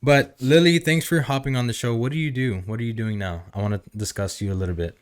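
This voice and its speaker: A man's voice: medium pitch, fast, clean tone. A man hosting a casual podcast, talking conversationally and posing rhetorical questions. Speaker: podcast host.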